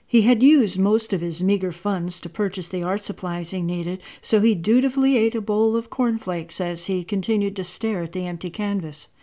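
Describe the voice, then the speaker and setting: Mellow woman narrating a story. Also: medium pitch. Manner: measured, expressive reading.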